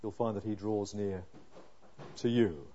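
A man preaching a sermon, reading scripture aloud and voicing the psalmist's prayers, moving from hushed pleading to loud, impassioned emphasis. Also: fairly low pitch, fairly even intonation, unhurried, highs cut off, slight background noise.

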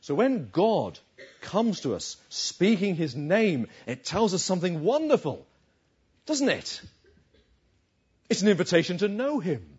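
A man preaches a sermon in a conversational manner, asking his listeners questions. His voice is high-pitched and slightly rough, heard through a dull lo-fi recording.

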